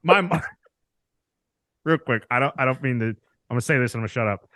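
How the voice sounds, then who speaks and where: Animated bright-voiced man. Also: mid-range voice, a little fast, no room sound, clean studio sound. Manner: rambling, laughs often, lots of "like". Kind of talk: casual chat.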